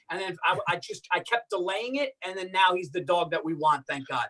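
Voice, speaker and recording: A man's voice: sits high, animated, fairly quick, a bit bright. A man, a comedian guest, rambling through an exasperated, swearing story over a video call.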